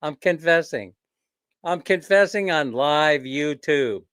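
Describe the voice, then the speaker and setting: Slow-talking jokey man. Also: a little high, expressive, fairly bright tone, smooth, dry recording. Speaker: livestream host. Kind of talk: casual live-stream chat.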